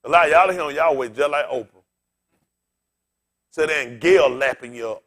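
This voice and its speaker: Speaking at a normal speed in a somewhat high voice, a bald, aging pastor tells jokes and addresses the congregation directly. His sermon is humorous and conversational, and his manner is animated.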